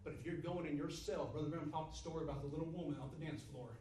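A man's voice: fairly high pitch, steady tone, very fast, mellow, reverberant, recorded from a distance, slight background noise, poor audio. A man preaching a sermon, emphatic and repetitive, his voice swelling and dropping. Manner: repetitive, emphatic, rises and drops in volume.

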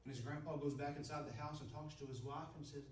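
A man preaching a sermon as storytelling, soft and drawn out, building to shouted repetition. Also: fairly high pitch, fairly even intonation, fast talker, slight background noise. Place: church sanctuary. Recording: echoey hall from far off.

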